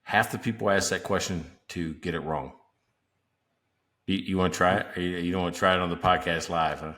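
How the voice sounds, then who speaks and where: Guy with a lowish voice cohosting a biz podcast, emphatic, explains stuff step by step. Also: steady tone, brisk, a bit bright. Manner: emphatic, teaching with worked examples. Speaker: podcast co-host. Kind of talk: casual podcast chat.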